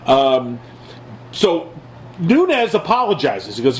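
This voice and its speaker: Animated, mocking male podcast co-host. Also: fairly high pitch, moderate pace, slight background noise, rough recording. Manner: animated, mocking quotes in a raised voice. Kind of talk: casual political chat.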